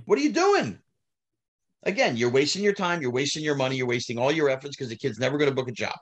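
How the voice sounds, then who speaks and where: A middle-aged man, telling stories in a casual interview, animated, climbing high when heated and trailing off low. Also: rapid-fire, highs cut off. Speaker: guest, former child actor.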